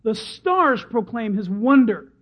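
A man preaching a sermon as pastor, animated and storytelling, slipping into other people's voices. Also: extremely high pitch, takes it slowly. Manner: animated storyteller who acts out crowd voices. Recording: dull lo-fi sermon recording.

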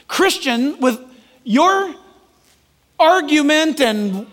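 A man's voice: very high-pitched, lively intonation, drawn-out words, a bit bright, big-room sound. A man preaching a sermon as pastor, emphatic and joking, calling on listeners by name.

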